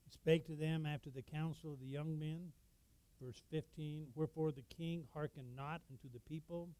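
A man delivers an expository sermon in a mellow voice that sits a little high. He moves between quiet reading and loud bursts of emphasis. The sound is dry and close. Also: steady tone, moderate pace, dry recording, low-quality recording. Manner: expository preaching, quotes scripture, sudden loud emphasis. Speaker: pastor.

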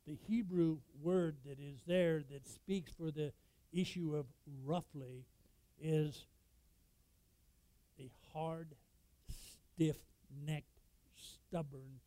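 A man delivers an expository sermon in a mellow voice that sits a little high. He moves between quiet reading and loud bursts of emphasis. The sound is dry and close. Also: slow, long pauses, dry recording, low-quality recording. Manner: expository preaching, quotes scripture, sudden loud emphasis. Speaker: pastor.

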